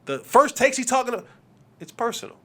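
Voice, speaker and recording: A man's voice: very high-pitched, sing-song, fast talker, sharp tone. A man hosting a sports podcast, talking emphatically with repetition and slang. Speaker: podcast host.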